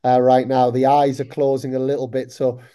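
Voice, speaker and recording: A man's voice: mid-range voice, level tone, moderate pace, mellow, smooth. A man hosting a tennis podcast, upbeat and chatty and tired after a long flight. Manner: upbeat, talks in long run-on lists. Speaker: podcast host. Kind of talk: casual chat.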